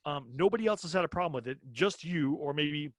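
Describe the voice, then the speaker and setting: Male comedy podcast co-host, opinionated and animated, dry close mic. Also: on the high side, brisk, no echo. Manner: opinionated, animated, acts out quoted exchanges. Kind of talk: casual podcast chat.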